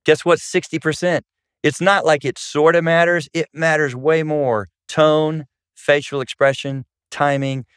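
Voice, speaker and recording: A man's voice: on the high side, little pitch movement, a little slow, fairly bright tone, smooth, no room sound, clean studio sound. A middle-aged man, a marriage counselor co-hosting a talk about marriage, who speaks emphatically and keeps stressing points with "guess what". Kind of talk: conversational teaching on marriage.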